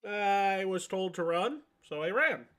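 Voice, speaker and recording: A man's voice: high-pitched, expressive, measured pace, a bit bright, voice pushed up. A man voicing a frightened thirteen-year-old girl in a tabletop game. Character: frightened young teenage noble girl.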